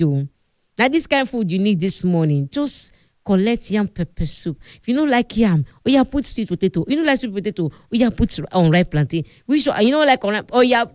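A woman's voice: mid-range voice, dry recording, clean studio sound. A woman with a Nigerian accent hosting a radio cooking talk, chatty and instructive, laughing often as she talks. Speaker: radio host.

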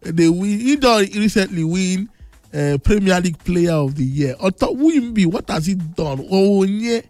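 A man's voice: sits high, expressive, moderate pace, no room sound, soft background music. A man from Nigeria with a Nigerian Pidgin English accent, talking as a radio host in boastful, teasing banter. He is a bit under the weather, and his voice sounds thick. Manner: brash, teasing, loud boasting.

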